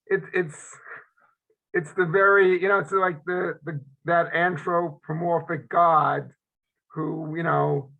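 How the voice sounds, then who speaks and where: Man, gravelly voice, tinny phone-like sound, hesitant, halting group reply. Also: a little high, steady tone. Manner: hesitant, many fillers and restarts. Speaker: study group participant. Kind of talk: spontaneous discussion reply.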